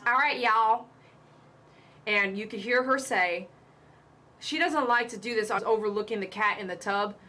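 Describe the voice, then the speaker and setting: Bright-voiced woman hosting a live stream. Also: mid-range voice, normal speed. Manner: emphatic, repeats warnings, chatty asides. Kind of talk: casual live-stream commentary.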